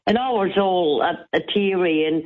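A woman's voice: on the low side, moderate pace. A woman calling a radio talk show, telling her story in a chatty, rambling way full of fillers and restarts. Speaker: radio caller. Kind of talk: casual phone-in storytelling. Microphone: telephone. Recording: tinny phone line.

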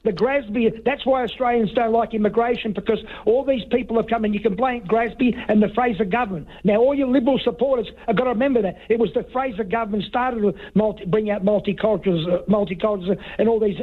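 A man's voice: high-pitched, fairly even intonation, fast, few pauses. A man calling a talkback radio show who rambles and stumbles, often talking over the host. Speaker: radio caller. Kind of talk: heated talkback call. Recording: tinny phone line.

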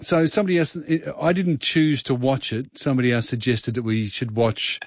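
A man's voice: medium pitch, brisk, dry recording. A man hosting a radio show, chatting in a rambling, think-aloud way. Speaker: radio host. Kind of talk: casual radio chat. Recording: slightly dull dry studio sound.

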